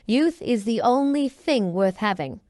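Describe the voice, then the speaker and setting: A woman's voice: a little high, lively intonation, unhurried, mellow, no echo, studio quality. A woman voicing a vain young man who dreads growing old, speaking in a pleading, anguished way. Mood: bitter.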